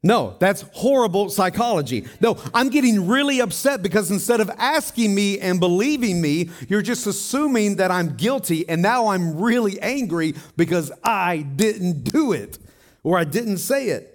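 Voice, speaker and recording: A middle-aged man gives a sermon in a church, talking to his congregation in a chatty, conversational way. His voice sits a little on the higher side, and he often checks in with his listeners by asking them questions. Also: lively intonation, moderate pace. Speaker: pastor.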